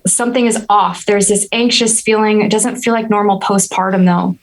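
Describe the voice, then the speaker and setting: A woman's voice: mid-range voice, normal speed, rough recording. A woman in her thirties, a podcast guest, telling a personal story in an earnest, reflective way. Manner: earnest, reflective, steady and even-toned.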